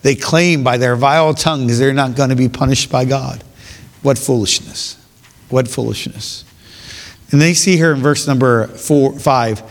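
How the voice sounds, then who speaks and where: A man's voice: medium pitch, in a large hall. A man preaching a sermon in an earnest way, often restarting and repeating his phrases.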